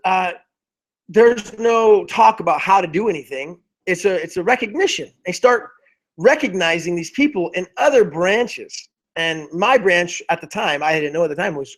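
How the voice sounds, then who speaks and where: A man speaking as a motivational speaker to a group call, telling a personal story with lively bursts and frequent restarts. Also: sits high. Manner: animated, acts out his past self in quotes, many restarts.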